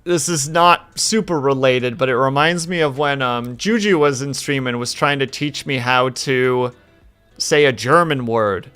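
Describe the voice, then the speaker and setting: A man's voice: medium pitch, unhurried, fairly bright tone, smooth, faint music behind. A male streamer chatting casually while drawing, telling rambling stories and teasing his viewers. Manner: rambling anecdotal storytelling; playful teasing.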